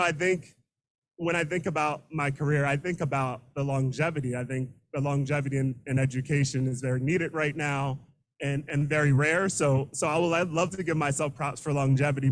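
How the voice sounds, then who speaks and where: A middle-aged man, a teacher, giving an unscripted, emotional acceptance speech into a handheld microphone, halting and repeating words. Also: on the high side, rough recording. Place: room full of students and colleagues.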